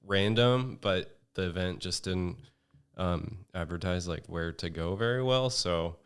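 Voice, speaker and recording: A man from Northern California speaks as a guest in a relaxed chat. His voice is low and smooth, and he tells stories haltingly, full of fillers. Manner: hesitant storyteller, many fillers. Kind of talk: casual chat.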